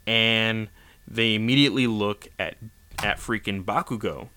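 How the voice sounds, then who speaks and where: A man's voice: fairly low pitch, unhurried, pushed and bright, slight background noise. A man casually recapping a comic chapter in a rambling way, with many fillers and restarts. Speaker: manga chapter reviewer.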